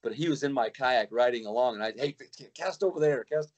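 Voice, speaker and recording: A man's voice: medium pitch, fairly quick. A middle-aged man, a kayak fishing guide, telling a long story in casual chat with many restarts and acted-out quotes.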